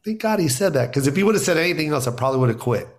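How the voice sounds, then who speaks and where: Middle-aged comedian dude telling stories on a podcast, animated, does the voices in his quotes, laughs a bunch. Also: a little high, very fast. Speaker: stand-up comedian guest. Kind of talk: casual podcast storytelling.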